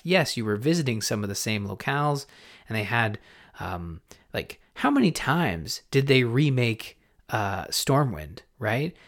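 A man hosts a gaming podcast with a chatty, casual delivery. He rambles, restarts his sentences and trails off, then gets excited and speeds up again. His voice sits in an ordinary middle register. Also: medium pitch. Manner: rambling, self-interrupting, excitable. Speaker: podcast host. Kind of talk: casual chat.

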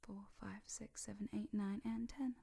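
Woman hypnotist whispering slow countdowns, husky fry in her voice. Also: mid-range voice, fairly even intonation. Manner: switches between sinking whispers and bright rising calls. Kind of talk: hypnosis session in whispers and soft speech.

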